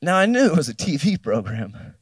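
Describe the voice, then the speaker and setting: On a festival stage, a fifties-aged keynote speaker from New Jersey acts out dialogue while telling a personal story. He speaks a little fast in a fairly high, sing-song voice that's slightly rough, in a dry recording.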